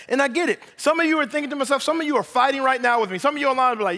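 A man in his thirties preaching a sermon, animated, acting out little dialogues and teasing the congregation. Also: very high-pitched, fast talker, gravelly, hardly any pauses. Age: 30s. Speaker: pastor. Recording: long hall reverb.

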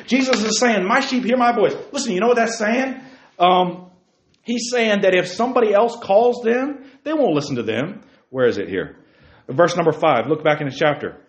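A man preaching a sermon in a church, animated, swinging from quiet asides to shouts and calling listeners by name. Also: high-pitched, echoey room. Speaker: pastor. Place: church sanctuary.

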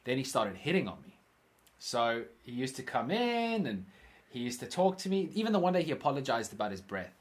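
A man co-hosting a casual chat, telling long stories with swearing and quick impressions of the people in them. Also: medium pitch. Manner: animated, swearing, acts out quoted people.

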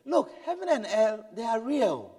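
Very animated but a little slow, a male preacher with a very high voice drops from loud, urgent pleading into low, hushed storytelling during an impassioned sermon. His voice echoes with the long reverb of a large hall.

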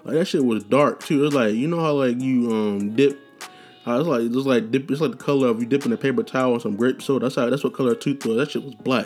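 A man's voice: medium pitch, quick pace, a little mellow, soft background music. A young man hosting a casual storytelling podcast, talking loose and profane with slang, restarts and tangents. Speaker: podcast host.

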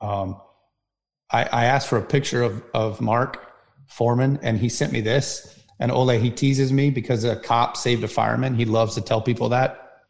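A man telling an earnest, halting personal story as an interview guest. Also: medium pitch, steady tone, creaky. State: near tears at times. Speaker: firefighter guest.

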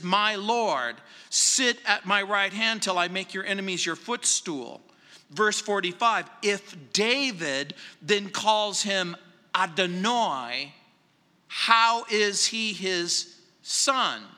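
A man delivering a verse-by-verse sermon as a pastor, measured and emphatic, stressing phrases slowly. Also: sits high, pushed and bright, big-room sound. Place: church sanctuary.

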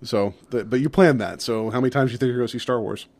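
A man's voice: medium pitch, fast talker, a little mellow, no echo. Rambling upbeat podcast co-host man. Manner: rambling, upbeat, loose with fillers. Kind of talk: casual chat.

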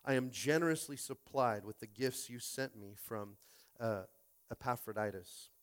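A man's voice: medium pitch, moderate pace. A man preaching a Sunday sermon as pastor, stumbling over repeated words and rallying his listeners.

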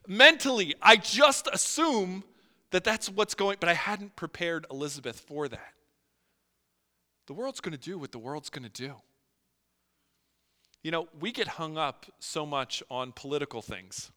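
A man's voice: on the high side, clear, resonant tone, long reverb tail. A male pastor preaching a sermon, telling stories and acting out the quotes in them. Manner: animated storytelling with acted-out quotes.

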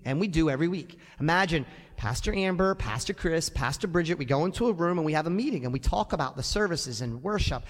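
A male pastor preaching a sermon in a church sanctuary, animated and conversational with touches of humor. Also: a little high, big-room sound.

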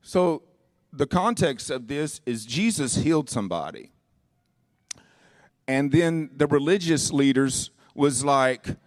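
A male pastor preaching with impassioned, sing-song delivery, swinging between shouted lines and quiet personal asides. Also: medium pitch, animated, slow, no room sound, studio quality. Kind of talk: sermon. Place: church.

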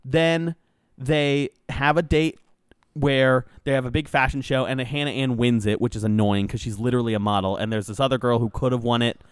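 A man casually retelling a reality show episode, swearing freely, speeding up and slowing down with many fillers. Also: medium pitch, smooth, no echo, studio quality. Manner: animated, profane storytelling with lots of fillers.

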